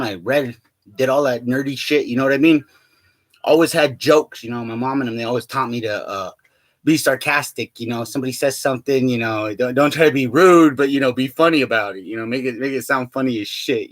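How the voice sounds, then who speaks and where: A man's voice: mid-range voice, dry recording. A young man vlogging in a rambling, profane, joking monologue, laughing often and full of fillers. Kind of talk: rambling casual monologue to camera.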